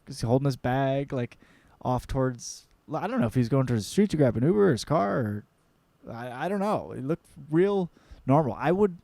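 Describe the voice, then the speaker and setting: A young man, hosting his own podcast, tells a story in a rambling, excitable way and swears often. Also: mid-range voice, no room sound. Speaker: podcast host. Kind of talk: casual storytelling monologue.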